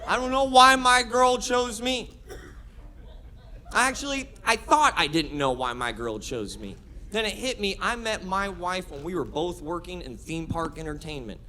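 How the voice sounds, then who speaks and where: A man in his thirties doing a stand-up comedy set, brash and building into shouted rants. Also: high voice, unhurried. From Florida. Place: comedy club stage with audience laughter.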